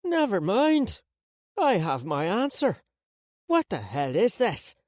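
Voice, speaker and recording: A man voicing a sharp-tongued, wry and bossy old grandmother in an audiobook. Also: high voice, huge pitch swings, slow pace, dry recording, clean studio sound, voice pushed up, exaggerated voice. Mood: teasing.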